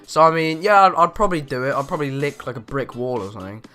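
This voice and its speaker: Bright-voiced teen boy rambling. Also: medium pitch, fast. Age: teens. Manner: rambling, animated, lots of "you know" fillers. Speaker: vlogger. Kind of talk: casual storytelling vlog.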